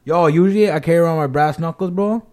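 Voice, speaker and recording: A man's voice: on the high side, fast talker, darkish tone. A young man with a Toronto accent, a podcast guest chatting casually, brash and full of slang. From Toronto, Canada. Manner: brash, heavy on slang, ends lines with "bro". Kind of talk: casual chat.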